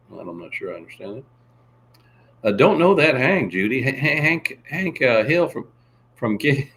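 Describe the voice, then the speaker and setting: A man's voice: medium pitch, a bit bright. A man hosting a casual livestream, rambling and reading out viewer chat. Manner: rambling, reads chat aloud, tries impressions. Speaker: livestream host.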